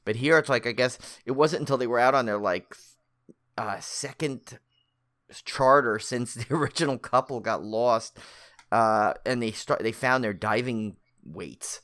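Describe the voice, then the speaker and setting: A man's voice: medium pitch, a little slow, a bit bright. A man co-hosting a horror film podcast, chatting casually and rambling with many fillers and restarts. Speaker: podcast co-host. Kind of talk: casual chat.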